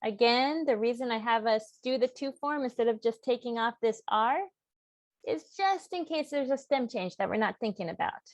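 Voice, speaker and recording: A woman's voice: fairly high pitch, animated, normal speed, no echo, muffled recording. A woman teaching a Spanish grammar lesson step by step, patiently mixing English and Spanish and checking in with her students. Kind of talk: classroom lesson, explaining step by step.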